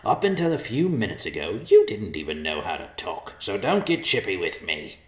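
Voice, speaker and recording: A man voicing a lonely, mocking old male vulture who talks slowly and sneeringly. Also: low voice, wildly swooping pitch, reverberant. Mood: smug.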